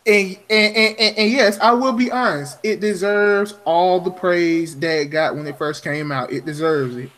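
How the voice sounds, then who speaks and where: A man's voice: high voice, normal speed, few pauses, fairly bright tone. A man co-hosting a podcast in casual chat, emphatic and stammering a little as he wraps up a segment. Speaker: podcast co-host.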